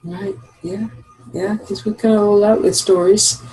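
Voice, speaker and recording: A woman's voice: medium pitch, fairly even intonation, measured pace, mellow, soft background music, poor audio. A woman chatting casually on an online call, rambling and laughing easily as she talks. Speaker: regular sharer on a call-in show.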